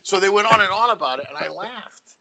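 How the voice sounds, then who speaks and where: A man's voice: high-pitched, fairly quick, vocal fry. A middle-aged man, a comedian, chatting as a podcast guest and acting out voices in his stories. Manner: lively, acts out voices in stories. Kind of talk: animated storytelling chat.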